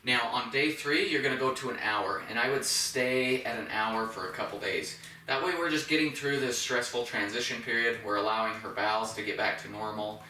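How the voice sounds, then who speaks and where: A male dog trainer talks through a demonstration, laying out each step plainly and cheering the dog on. His voice has a bright edge. It is recorded a little away from the mic in an echoey indoor room with a faint hum of ambience behind him. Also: mid-range voice, brisk. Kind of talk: instructional demonstration. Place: indoors in a home. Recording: roomy, from a distance.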